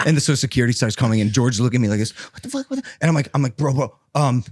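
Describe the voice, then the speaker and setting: A young man co-hosting a podcast, telling a story in a casual, animated way with lots of swearing. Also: mid-range voice, rapid-fire, dry recording. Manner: animated, swearing, acts out voices in stories. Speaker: podcast co-host. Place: podcast studio.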